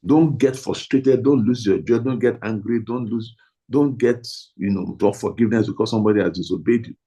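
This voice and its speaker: Emphatic husky man teaching pastors. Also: fairly low pitch, brisk, dark tone, low-quality recording. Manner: emphatic, repetitive, stresses single words. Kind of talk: training talk to pastors.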